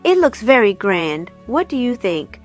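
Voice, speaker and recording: A woman doing a high, gushing, fussy mother. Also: sing-song, unhurried, faint music behind. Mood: fussing. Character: fussy, easily flustered middle-aged mother. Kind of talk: audiobook reading.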